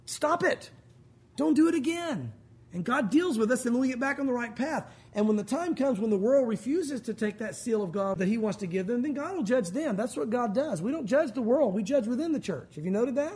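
A man's voice: very high voice, animated, fairly quick, hardly any pauses, darkish tone, breathy edge. A male pastor preaching a sermon in a conversational way, with joking asides.

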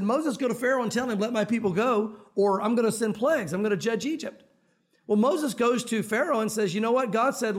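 A man's voice: high-pitched, darkish tone. A man preaching a sermon in a conversational, joking way, stressing key words as he teaches verse by verse. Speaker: pastor.

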